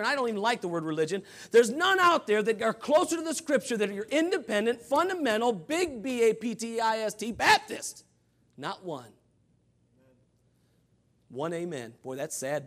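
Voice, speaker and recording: A man preaching a Baptist sermon, dropping into low asides and then rising to shouted peaks. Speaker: pastor.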